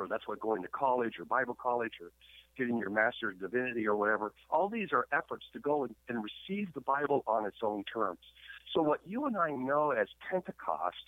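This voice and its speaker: A man's voice: medium pitch, no room sound. Canadian man on a tinny phone line. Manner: stammering repeats, preachy emphasis. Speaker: guest pastor and historian. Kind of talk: radio interview, sermon-like storytelling.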